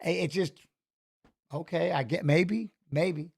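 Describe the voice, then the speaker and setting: A middle-aged man hosting a fight watch-along, talking casually in an animated, rambling way and often repeating his phrases. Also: on the high side, slow, gravelly, slightly rough. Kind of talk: casual live fight commentary.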